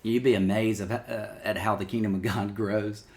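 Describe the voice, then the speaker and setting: Low-voiced pastor, easygoing. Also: male voice, little pitch movement, normal speed, a little mellow. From small-town Alabama, US. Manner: easygoing, friendly storyteller. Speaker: campus pastor, podcast guest. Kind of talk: casual interview chat.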